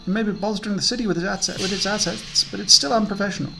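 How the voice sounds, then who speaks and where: A man's voice: high-pitched, fairly even intonation, gravelly, music in the background, rough recording. A man voicing a haughty, wealthy noblewoman in a game, complaining in an offended, indignant tone. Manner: huffy, offended, rapid complaining.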